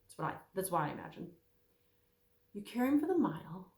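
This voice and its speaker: A woman giving a casual Bible teaching talk, animated, acting out the voices she quotes. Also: mid-range voice, fairly quick, echoey room.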